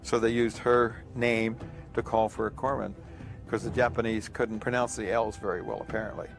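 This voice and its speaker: An older man telling a war story as an interviewee, acting out shouted calls as he recalls them. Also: on the low side, level tone, moderate pace, vocal fry, soft background music. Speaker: veteran interviewee. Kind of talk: recounted war memory.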